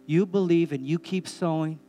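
A man's voice: on the high side, fairly even intonation, moderate pace, over music. A man preaching a sermon as pastor in a church, emphatic, with repeated calls and amens.

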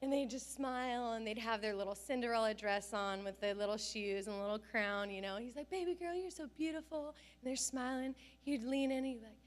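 A middle-aged woman pastor with a high voice delivers a sermon. She tells stories with lively energy and acts out the lines she quotes. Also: fairly quick, few pauses. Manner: animated storytelling with acted-out quotes.

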